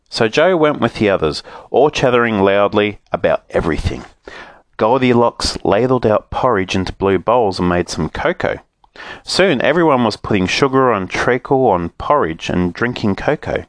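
Low-voiced man reading a storybook. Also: normal speed, dry recording. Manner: lively expressive reading. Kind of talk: storybook read-aloud.

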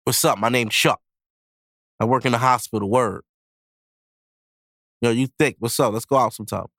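A man's voice: mid-range voice, fairly even intonation, normal speed, a bit bright, no echo, clean studio sound, voice pushed down. A man voicing a cocky man in his late twenties bluntly hitting on a woman.

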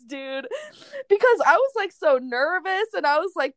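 A woman's voice: very high-pitched, animated, measured pace, fairly bright tone, no echo. A young woman telling a crude personal story in casual chat, swearing freely and laughing often.

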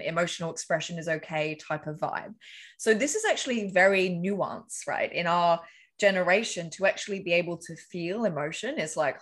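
A woman's voice: lowish voice, fairly bright tone. A woman as an interview guest, talking earnestly and casually, walking through examples, with the odd swear word. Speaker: podcast guest.

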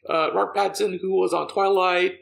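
A man co-hosting a podcast in casual chat, halting, with many fillers and repeats. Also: high voice, flat delivery, gravelly.

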